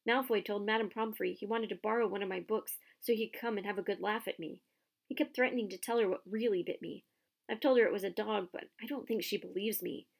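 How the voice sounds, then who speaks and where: A woman voicing a worried schoolboy lying sick in bed, talking anxiously and hoarsely. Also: medium pitch, fairly quick. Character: Ron, worried boy stuck in a sickbed.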